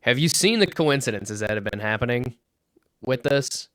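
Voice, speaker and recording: A man co-hosting a casual sports podcast at a middling pitch, recorded dry and close. He tells stories with energy, swears freely and acts out what others said in a louder, higher voice. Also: moderate pace, dry recording. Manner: animated storyteller, swears freely, acts out quotes loudly. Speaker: podcast co-host.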